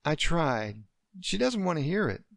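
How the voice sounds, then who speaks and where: A weary father speaks softly to comfort his child, as a man reads his part. The voice is gravelly and slow, with lively pitch movement. The sound is close and dry. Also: dry recording, heavily acted. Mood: tender. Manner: soft and reassuring. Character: gentle, weary widowed father.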